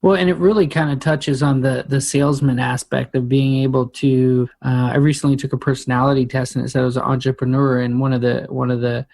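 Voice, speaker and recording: A man's voice: mid-range voice, little pitch movement, brisk, gravelly, hardly any pauses, darkish tone, no echo, clean studio sound. A man hosting a podcast interview, chatting casually and relating things to his own experiences. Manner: chatty, relates personal anecdotes. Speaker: podcast host.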